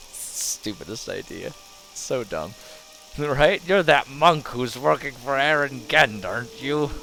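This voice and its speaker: A male streamer at home, giving sarcastic, animated commentary on a game and laughing often. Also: fairly low pitch, a little hiss or hum. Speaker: gaming streamer. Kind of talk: casual let's-play commentary.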